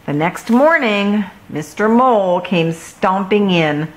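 A woman reading a children's picture book aloud, slow and expressive. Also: mid-range voice, slight background noise, low-quality recording. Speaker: children's story reader. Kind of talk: storybook read-aloud.

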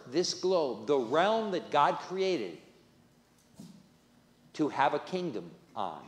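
A man's voice: on the high side, sing-song, slow, pauses often. A male pastor preaching a sermon, stressing key phrases by repeating them. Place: church sanctuary. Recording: echoey church with long reverb.

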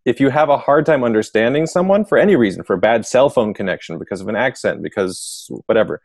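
Male guest author, low gravelly voice, dry close sound, explanatory. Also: lively intonation, quick pace, darkish tone, no echo. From United States. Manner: thoughtful, explanatory, frequent fillers. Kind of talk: casual interview.

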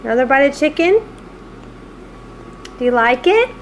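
A woman's voice: sits high, sing-song, moderate pace, slight background noise, rough recording. A woman filming her babies at home on a handheld camcorder, playful and cooing, laughing often as she talks to them. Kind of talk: home video chat. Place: at home indoors.

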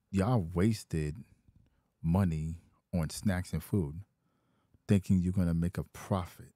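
Male vlogger, very low and mellow voice, repetitive complaining delivery. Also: dry recording, studio quality. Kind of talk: casual rant.

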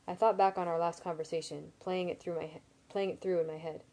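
Brief: woman narrator at home, low-key and mellow, fairly low voice. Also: steady tone, fast talker, few pauses. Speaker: audiobook reader. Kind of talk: reading a novel aloud.

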